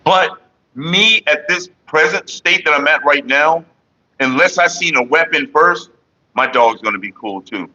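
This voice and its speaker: A man's voice: fairly high pitch, lively intonation, unhurried, dull audio. A man chatting casually and profanely on a morning livestream, rambling to his viewers and his partner. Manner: sings loudly and off-key at times. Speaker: vlogger.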